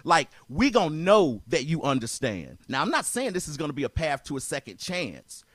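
A man hosting a talk show makes his case insistently, repeating himself and cutting in on the other voice. His voice sits a little high. The sound is dry, with no room echo. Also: big pitch swings, normal speed, fairly bright tone. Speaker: podcast host. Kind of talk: heated debate.

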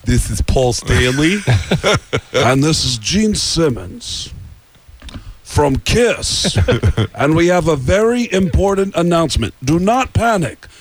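Brief: showy male rock-star announcer, slow and grand, as a comedian puts him on. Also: on the high side, sing-song, no room sound, heavily acted. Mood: announcing. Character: rock star making a ship-wide morning announcement.

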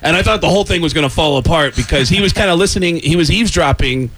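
A man, a stand-up comedian, telling a story in casual chat, animated and laughing through lines. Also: fairly high pitch, quick pace, a little hiss or hum. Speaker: stand-up comedian and voice actor guest.

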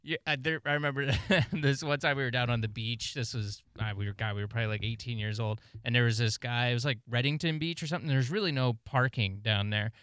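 A man chats casually as a co-host and talks animatedly. His voice is smooth and bright with a crisp edge. The sound is dry and close. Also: medium pitch, quick pace, few pauses, no echo. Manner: animated, mimics people. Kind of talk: casual chat.

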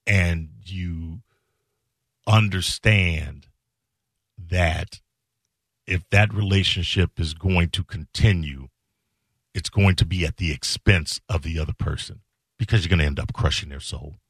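A middle-aged man hosting a show, telling a personal story slowly and earnestly, with halting emphatic repetitions. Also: low voice, a bit bright, husky, dry recording, studio quality. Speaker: show host.

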